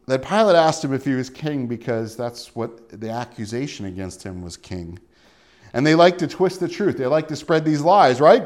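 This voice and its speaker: A man's voice: mid-range voice, sing-song, normal speed, a little mellow. A man preaching a sermon in a conversational way, often asking rhetorical questions.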